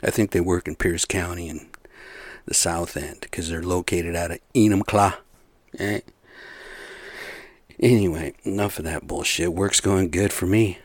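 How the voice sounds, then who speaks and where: A man's voice: deep voice, fairly even intonation, a little slow, long pauses, dry recording. A man talking straight to his viewers in a rambling, profane rant, full of rhetorical questions and asides. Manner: rambling, heavy swearing, asks rhetorical questions. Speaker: vlogger. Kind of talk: casual profane rant to camera.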